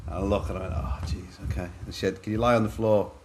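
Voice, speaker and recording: This is a middle-aged man from Liverpool with an English accent and a low, deep voice. He is a guest on a podcast interview, telling his own stories in a chatty, anecdotal way and often calling the host "mate". A faint hiss sits under the recording. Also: fairly even intonation, fast. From Liverpool, England. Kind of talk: candid storytelling in a podcast interview.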